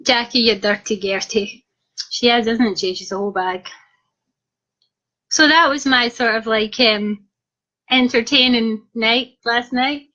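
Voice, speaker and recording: A young Scottish woman tells her viewers a cheeky story in a relaxed, casual way. Her voice sits fairly high, and she keeps breaking into giggles. The sound is dull and lo-fi. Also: a little slow, pauses often. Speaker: vlogger.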